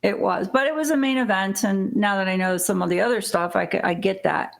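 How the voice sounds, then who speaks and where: A woman's voice: mid-range voice, fairly quick, vocal fry. A middle-aged woman from Illinois, co-hosting a wrestling podcast in casual chat, blunt and rambling, swearing and laughing often. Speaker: podcast co-host.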